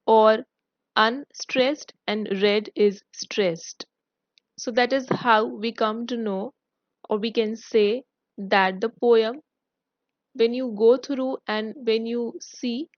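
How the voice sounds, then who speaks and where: A woman teacher explaining a poem's devices to her students in a recorded online lesson, speaking in a measured, explanatory way. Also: on the high side, dry recording, lo-fi sound. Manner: slow, explanatory, addresses students. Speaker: school English teacher.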